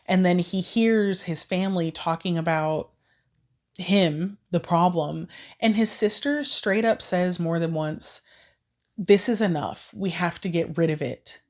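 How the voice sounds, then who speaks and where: A woman with a scratchy voice recapping and ranting about a book in a casual vlog, swearing freely and jumping into quick quoted voices for each character. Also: lowish voice, a little mellow. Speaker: book vlogger.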